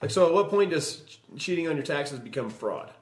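A man's voice: on the high side, expressive, brisk, a little hiss or hum. Guy riffing on a podcast, swears a lot, lots of like and you know. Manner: chatty, swears casually, leans on fillers. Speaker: podcast co-host. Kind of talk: casual chat.

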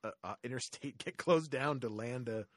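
A man's voice: medium pitch, moderate pace, no room sound, studio quality. An American man co-hosting a podcast in casual chat, rambling, stumbling over his words and laughing often. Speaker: podcast co-host.

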